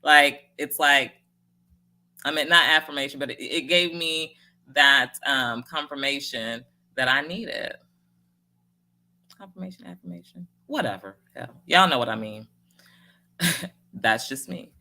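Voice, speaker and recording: A woman's voice: rumbling low, measured pace, pushed and bright. A woman hosting a casual livestream, chatting with viewers and answering their comments in a folksy, encouraging way with frequent laughter. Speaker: livestream host.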